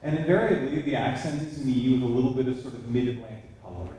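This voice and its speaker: A man on a convention panel telling a story in an animated way and acting out what others said. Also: medium pitch, fast, very noisy. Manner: animated storyteller, acts out quoted exchanges. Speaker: voice actor panelist. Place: large echoey convention hall. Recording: echoey hall from far off.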